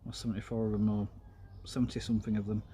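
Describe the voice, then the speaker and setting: A man with a fairly low voice chats loosely as he works through a craft project, filling pauses with ums and drifting into side topics. There is a faint room noise underneath. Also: level tone, dark tone. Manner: rambling, filler-heavy, talks while working with his hands. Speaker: streamer. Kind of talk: casual craft tutorial chat.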